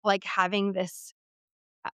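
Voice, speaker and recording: A woman's voice: mid-range voice, completely flat delivery, takes it slowly, bright, forceful tone, clear, resonant tone, dry recording. A woman in her thirties hosting a podcast, talking in a candid, conversational way with lots of fillers. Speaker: podcast host. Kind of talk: casual interview chat.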